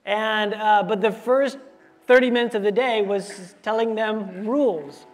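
A pastor in his thirties gives a relaxed, chatty sermon full of fillers and playful quoted asides. His voice sits high and he talks at normal speed.

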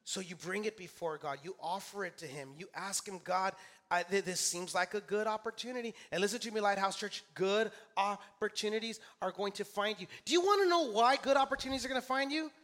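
A male pastor preaches in a church sanctuary in a high, slightly bright voice, talking fairly quickly with hardly any pauses. Emphatic, he repeats key phrases for emphasis and calls on his congregation to respond.

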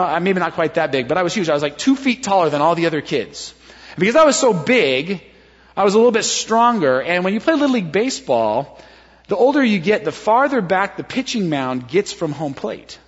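A middle-aged male pastor telling a personal story in a sermon, lively and self-deprecating, dropping to hushed tones for serious moments. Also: high-pitched, slightly rough. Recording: dull lo-fi sound with long hall reverb.

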